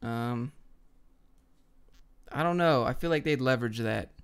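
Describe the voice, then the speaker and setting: Young guy streamer answering chat, blunt and jokey, smooth clear voice, mid pitch. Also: a little slow. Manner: blunt, joking, offhand. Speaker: livestream host. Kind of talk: casual chat reading viewer questions.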